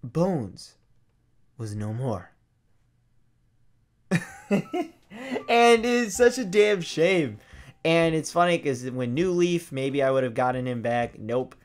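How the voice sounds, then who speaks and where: On his gaming vlog, a young man tells a story slowly, with long pauses, swearing freely in a loose style. He acts out his past reactions in sudden loud, high-pitched outbursts.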